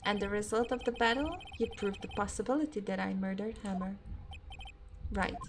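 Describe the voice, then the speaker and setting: A woman reading aloud the lines of a composed female defendant from a game, quick and flat. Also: mid-range voice, noisy background, natural voice. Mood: cool.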